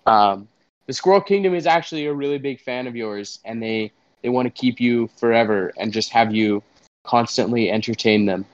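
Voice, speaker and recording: A man's voice: mid-range voice, normal speed, no echo, dull audio. A man playing a nervous interpreter in a comedy sketch, hesitant and stammering, with many fillers.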